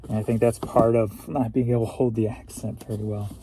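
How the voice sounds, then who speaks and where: A man's voice: fairly low pitch, flat delivery, fairly quick, noisy background. A man from St. Louis, Missouri, rambling through a casual solo reseller vlog, chatty and at times emotional. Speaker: reseller vlogger.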